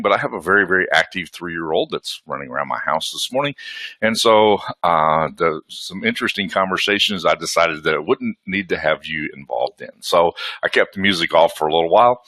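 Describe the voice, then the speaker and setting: A man's voice: low-pitched, bright, forceful tone, no echo. Folksy Southern man hosting a webinar. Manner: folksy, chatty, greets attendees by name. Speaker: webinar host. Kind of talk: casual live webinar hosting. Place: home.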